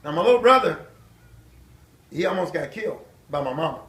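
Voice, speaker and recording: An older man telling his life story to a church audience, animated and acting out voices and shouts. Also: fairly high pitch, brisk. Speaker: guest speaker. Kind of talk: storytelling testimony at a church event. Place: church hall. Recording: echoey hall from far off.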